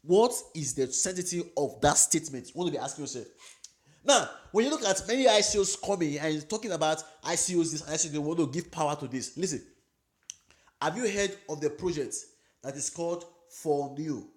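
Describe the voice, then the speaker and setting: A man with a noticeably accented English voice, pitched a little high for a man. He talks straight to the viewer in an earnest, repetitive way, offering casual advice. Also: animated, fairly quick, low-quality recording. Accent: non-native English accent. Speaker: crypto commentator. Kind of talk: casual advice talk to camera.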